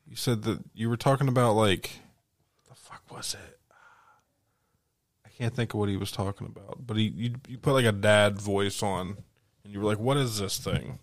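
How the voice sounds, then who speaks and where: A man with a low, gravelly voice co-hosts a podcast in loose, casual chat. He swears freely and laughs often, and the sound is dry and close. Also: fairly even intonation, normal speed, pauses often, no echo. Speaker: podcast co-host.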